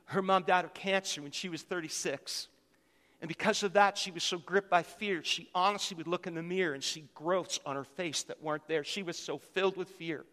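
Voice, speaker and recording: Fervent preacher, man in his fifties, pitched high, repeats lines for emphasis, reverberant hall. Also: a bit bright. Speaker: pastor. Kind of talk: sermon.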